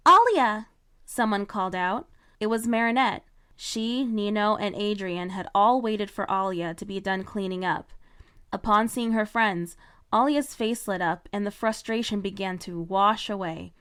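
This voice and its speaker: A woman narrating her own fan-written story in a measured, even storytelling voice. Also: mid-range voice, clean tone. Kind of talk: fan fiction read-aloud narration.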